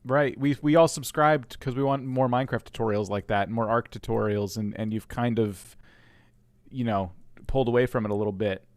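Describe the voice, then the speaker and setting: A man's voice: medium pitch, fairly quick, darkish tone, no room sound. A man co-hosting a livestream channel review, talking casually and teasing playfully. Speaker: co-host reviewer.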